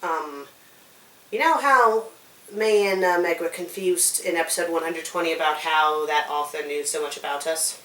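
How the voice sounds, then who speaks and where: A young woman with a low, bright-edged voice chats casually as co-host, rambling and now and then hushing into conspiracy. She sounds far from the mic in an echoey room, with a faint hiss. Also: moderate pace. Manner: rambling, conspiratorial, snaps in exasperation. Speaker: co-host of a fanfic review show. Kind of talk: casual chat.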